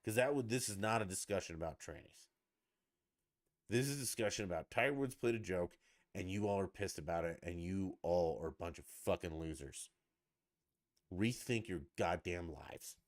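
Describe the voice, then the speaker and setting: A man's voice: low voice, animated, moderate pace, dry recording, studio quality. A middle-aged man ranting casually as a podcast host, blunt, mocking and profane.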